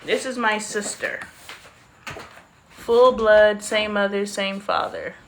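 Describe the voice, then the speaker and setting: A woman's voice: mid-range voice, steady tone, takes it slowly, a little hiss or hum. Candid chatty woman livestreaming. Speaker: livestream host. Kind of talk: casual live-stream chat.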